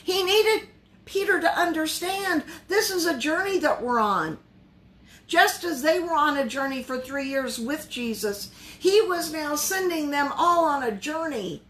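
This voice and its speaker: A woman's voice: high voice, animated, unhurried, fairly bright tone. A woman pastor leading a Bible study in a conversational way, often asking her listeners questions.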